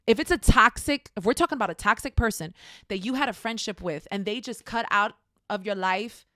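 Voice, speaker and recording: A woman's voice: medium pitch, fairly quick, a bit bright, dry recording, clean studio sound. A woman teaching a faith-based class in a frank, conversational way, speaking straight to her listeners. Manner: acts out quoted voices.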